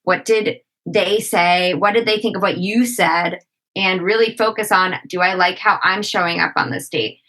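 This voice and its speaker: Woman guest on a chatty podcast, bright kinda tense voice, lots of "like" and "you know", thinking out loud. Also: on the low side, fairly even intonation, moderate pace, low-quality recording. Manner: reflective, frequent "like" and "you know". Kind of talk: casual conversational interview.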